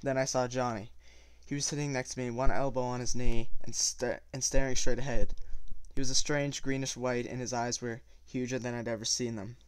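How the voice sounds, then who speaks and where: Man reading a novel aloud, smooth voice. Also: medium pitch, fairly quick, hardly any pauses, dry recording. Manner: steady reading with small slips and self-corrections. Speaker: audiobook reader.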